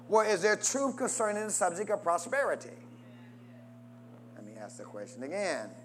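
Man, preacher, high voice, call-and-response sermon, prompting the congregation. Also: a little hiss or hum. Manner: call-and-response preaching with wide swings in pitch and loudness.

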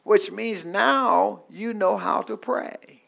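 Slow and high, with vocal fry, this pastor delivers a call-and-response sermon. He repeats lines, invites the congregation to say them back, and shifts from soft asides to shouted high points.

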